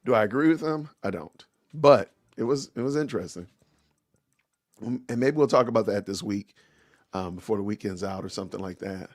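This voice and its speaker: A man's voice: on the low side, brisk, no echo. A man hosting a podcast livestream, chatting casually in an easygoing way with many fillers, close to his streaming mic. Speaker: podcast host.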